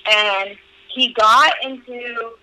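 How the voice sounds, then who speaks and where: A woman's voice: a little high, steady tone, drawn-out words, bright, forceful tone, low-quality recording. A young woman guest on a podcast, telling stories in a candid, profane way full of "like" fillers. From California. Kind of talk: casual storytelling interview.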